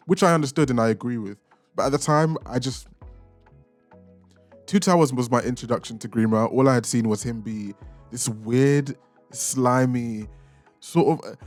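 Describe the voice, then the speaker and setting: A man's voice: medium pitch, darkish tone, no echo. A young man hosting a reaction channel, casually ranking film characters with playful, opinionated jabs. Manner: chatty, opinionated, playfully insulting.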